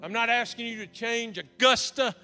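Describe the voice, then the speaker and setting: Male pastor, high bright voice, animated storytelling sermon in a reverberant church hall with faint music. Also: moderate pace, smooth. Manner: animated storyteller, acting out dialogue.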